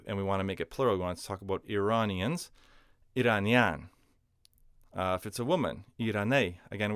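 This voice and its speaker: A man's voice: lowish voice, a bit bright, smooth, no room sound, clean studio sound. A man explaining a language lesson in a patient, step-by-step way, with frequent fillers. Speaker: language teacher.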